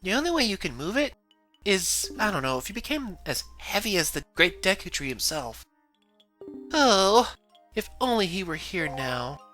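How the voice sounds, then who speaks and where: Squeaky, anxious little tree-spirit sidekick, played by a man, shrill and fretful. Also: big pitch swings, moderate pace, pushed and bright, soft background music, heavily acted.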